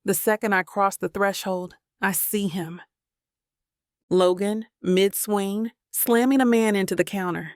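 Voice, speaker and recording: A woman's voice: mid-range voice, fairly even intonation, unhurried, a little mellow, no room sound. A woman narrating a first-person romance audiobook with dramatic, emotional delivery on a close studio mic.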